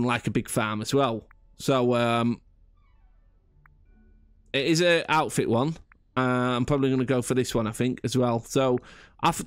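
A man's voice: mid-range voice, no echo. A man rambling through casual gameplay commentary, chatty and self-mocking with frequent restarts. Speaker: gaming YouTuber.

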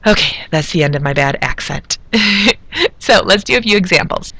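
A woman's voice: fairly low pitch, expressive, normal speed, creaky, bright, forceful tone, no room sound. A woman who is a chemistry teacher, giving a recorded video lesson in a chatty way, with asides as she explains.

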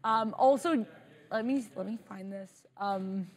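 A woman's voice: medium pitch, measured pace. A woman co-hosting a live trading stream, reading viewer comments aloud with frequent laughter and some hesitation. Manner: giggly, reads comments aloud, a bit hesitant. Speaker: co-host reading viewer chat.

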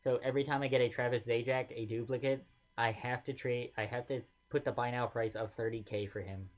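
A man giving casual gameplay commentary as a gaming video host, thinking aloud with mumbled asides and quick self-corrections. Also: mid-range voice, steady tone. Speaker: gaming YouTuber. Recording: slightly dull lo-fi sound.

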